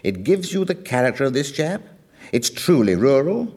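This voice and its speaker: A man's voice: fairly high pitch, big pitch swings, normal speed, dark tone. A man lecturing on a song, telling its story in a storytelling manner and acting out the quoted lines. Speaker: music lecturer. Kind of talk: explaining a song with acted quotes.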